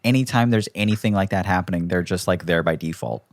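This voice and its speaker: A man co-hosting a podcast in casual chat, teasing his co-host with deadpan jokes. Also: sits low, fast, no echo, clean studio sound.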